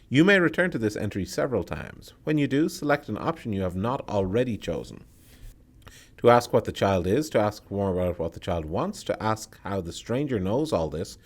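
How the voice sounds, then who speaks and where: A man reading a solo tabletop horror game aloud and breaking off to comment on his choices. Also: fairly low pitch. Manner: reads the text aloud, then adds quick asides about his choices. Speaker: solo game player and narrator.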